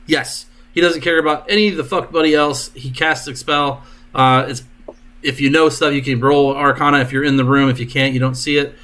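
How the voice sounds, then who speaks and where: A man's voice: medium pitch, steady tone, pushed and bright. Man running a tabletop combat. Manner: brisk, jokey asides while running turns. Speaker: dungeon master.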